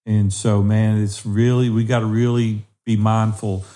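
A man's voice: fairly low pitch, flat delivery, measured pace, dark tone. A man co-hosting a podcast, earnestly urging listeners and speaking straight to them. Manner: earnest, exhorting listeners directly. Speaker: podcast co-host. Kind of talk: encouraging podcast talk.

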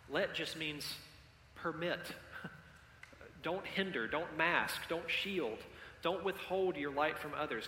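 Speaking in a slightly high, pushed and bright voice, a pastor interacts with his congregation during a sermon, calling on them to respond and repeat his words. The church sanctuary echoes with long reverb, and there's a little hiss or hum.

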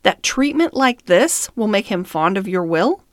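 A woman reading the lines of a stern, principled gentleman who scolds others over their treatment of horses. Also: mid-range voice, big pitch swings, unhurried, dry recording, studio quality. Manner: stern and reproving.

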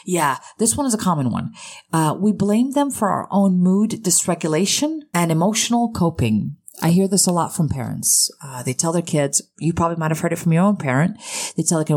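A woman's voice: lowish voice, normal speed. Earnest woman talking about parenting. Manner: earnest, expressive, emphatic. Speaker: parenting podcast host. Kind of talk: casual educational talk.

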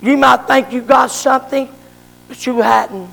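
A stern prophet pronounces doom, quiet and grave, as a preacher puts him on. The slow, gravelly voice drifts through a reverberant hall. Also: male voice, very high-pitched, heavily acted.

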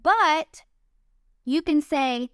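Slow, high-voiced woman giving devotional encouragement. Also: lively intonation, fairly bright tone, no room sound, studio quality. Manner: earnest, upbeat, chatty, addresses listeners as guys. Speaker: Christian devotional speaker.

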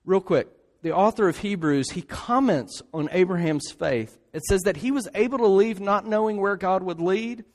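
A man's voice: high voice, normal speed. A man preaching a sermon in an emphatic way, often tossing in rhetorical asides. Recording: long hall reverb.

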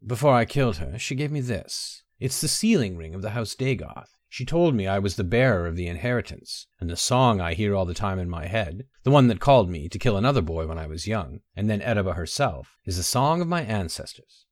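A tormented young man, as a male narrator plays him, brooding and strained. The voice sits low and shifts lively in pitch. It is recorded dry and close. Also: a little fast, few pauses, no echo, close to an everyday voice. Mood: haunted.

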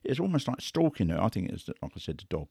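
A man races through his lines in a low, gravelly, husky voice while playing a big cat investigator. His storytelling is conversational and animated, full of acted-out quotes and sounds, captured dry at studio quality.

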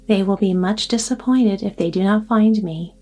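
A woman voicing a polite, mysterious man who speaks quietly and courteously. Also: medium pitch, moderate pace, natural voice.

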